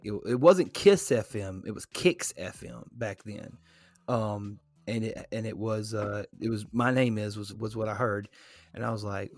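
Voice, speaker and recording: Podcast co-host, male, lowish voice, rambling casual delivery, dry close mic. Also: no room sound. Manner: rambling, many fillers and restarts. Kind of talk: casual chat.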